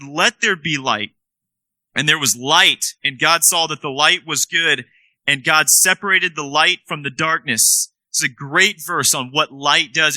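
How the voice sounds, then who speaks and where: Guy preaching a sermon, high bright forceful voice, leans hard on key words, super dry close mic. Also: no room sound, poor audio. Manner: emphatic, slows right down to stress key words.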